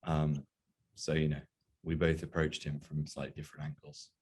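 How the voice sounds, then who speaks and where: A man's voice: a bass voice, level tone, moderate pace, darkish tone, slightly rough. A man with an English accent, an actor answering questions in a casual press interview and telling funny, self-mocking stories. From England. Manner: storytelling, self-mocking humor.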